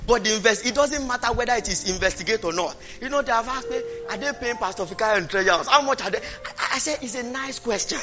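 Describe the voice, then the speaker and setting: A Nigerian man preaching a fervent sermon, shouting and repeating phrases, at times speaking in tongues. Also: very high voice, fast talker, hardly any pauses. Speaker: pastor. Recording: muffled lo-fi recording with music.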